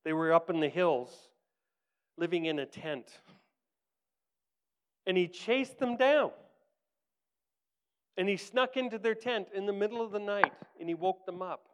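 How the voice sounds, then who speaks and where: Earnest man preaching, smooth voice. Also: high voice, animated, measured pace, pauses often. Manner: earnest, drops to soft hushed tones in quoted lines, rises for emphasis. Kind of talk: sermon storytelling.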